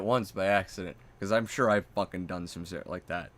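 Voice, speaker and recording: A man's voice: low voice, brisk. A man with a Canadian accent doing profane, exasperated reaction commentary on stream. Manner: exasperated, profane, loud mocking outbursts.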